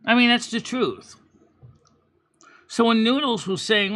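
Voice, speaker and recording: A man's voice: high-pitched, fairly quick. A man hosting a casual monologue video, talking in a heated, profane way and acting out the people in his stories. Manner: heated, profane ranting that flips into quoted voices; animated storyteller, swings from loud outbursts to quiet earnest talk. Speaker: channel host.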